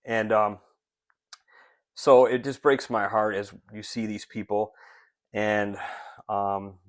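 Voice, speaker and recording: Earnest man giving a casual ministry update, low-pitched and halting, dry sound. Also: flat delivery, dry recording. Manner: earnest, rambling with many fillers and restarts. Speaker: street outreach ministry leader. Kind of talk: casual spoken update to supporters. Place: Rochester area.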